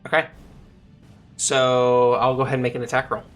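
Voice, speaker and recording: A man running a tabletop game as dungeon master, narrating the action and reading rules aloud in a steady, explanatory way. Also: mid-range voice, moderate pace, soft background music.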